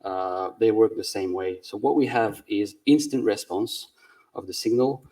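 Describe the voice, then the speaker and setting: Male presenter, methodical and hesitant, slightly low voice, distant mic. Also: unhurried, warm tone. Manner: methodical, explaining step by step with many "uh"s. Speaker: conference speaker, sound designer. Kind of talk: conference talk.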